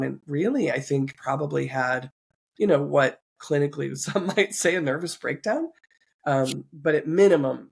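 A woman's voice: very deep voice, creaky, husky. A woman podcast host being interviewed, earnestly and reflectively recounting a personal story. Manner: earnest, reflective, occasional soft laughs.

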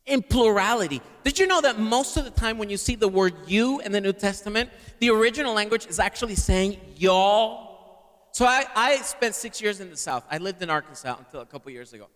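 A man's voice: high-pitched, lively intonation, a little fast, a bit bright. A man preaching a sermon to a live congregation and having them repeat words back. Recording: long hall reverb.

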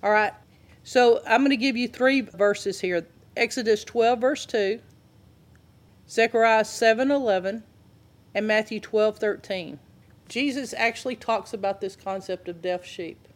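A woman's voice: a little high, unhurried. A woman leads a casual Bible class in a conversational voice. She keeps turning to her listeners with questions as she teaches. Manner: conversational, asks the audience questions.

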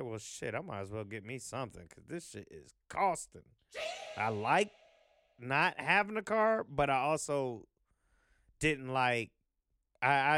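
A man's voice: mid-range voice, a bit bright, clean tone, no room sound, clean studio sound. A man hosting a vlog, talking in a loose, profane, rambling monologue full of fillers. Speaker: vlog host.

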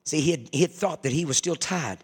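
A man preaching a sermon fervently, swinging from hushed confession to ringing shouts. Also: on the high side, brisk, breathy edge.

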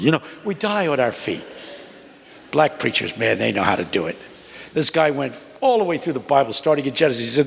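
A man in his eighties preaching a sermon to a congregation, with a rhythmic cadence that climbs to high, emphatic peaks. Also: big pitch swings, a little fast, gravelly. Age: 80s. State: unwell. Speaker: guest preacher. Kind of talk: sermon with storytelling. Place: large church. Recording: long reverb of a large church.

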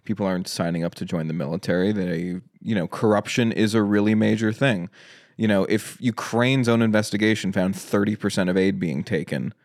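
A man debating the war on a casual podcast, speaking in halting bursts full of "like" and "right?". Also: lowish voice, darkish tone. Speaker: podcast guest.

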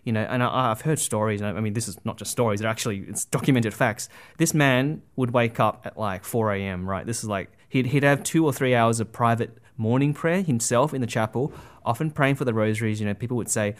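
A man's voice: mid-range voice, a little fast. A man giving a conversational religious talk, earnest and full of asides like "you know" and "right?", often restarting his sentences. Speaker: Catholic speaker.

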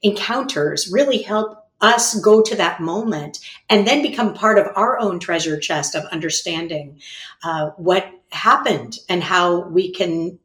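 Brief: woman host, lower pitch, thoughtful and halting; echoey room sound. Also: a bit bright. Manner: searching for words, many fillers and restarts. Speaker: podcast host. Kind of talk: interview questions.

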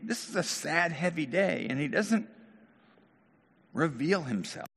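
A man preaching a sermon as a pastor, asking questions with animated emphasis. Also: medium pitch. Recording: long hall reverb.

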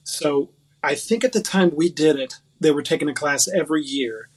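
A man's voice: on the high side, moderate pace, breathy edge. A man in his thirties from West Virginia, telling stories about his acting past in a chatty, self-mocking way with many fillers. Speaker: podcast guest, actor. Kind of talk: casual interview chat.

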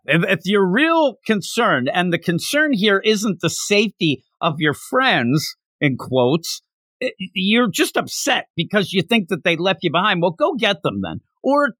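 An animated man hosts a casual chat, with a voice that swings high and low. He sits close to a dry mic. He sits a bit high in his range. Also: measured pace, no room sound. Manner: animated, acting out characters, laughing. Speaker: podcast host.

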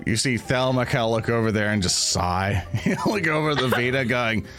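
Laughing, lively man as game master. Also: medium pitch, brisk, loud music behind the voice. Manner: casual, laughs often, many fillers. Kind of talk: narrating a tabletop game.

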